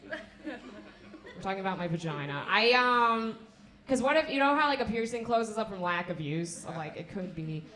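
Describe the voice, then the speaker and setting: A young woman from the United States doing a stand-up set, telling stories in an animated, self-mocking way. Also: fairly high pitch, moderate pace, roomy sound, a little hiss or hum. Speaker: stand-up comedian.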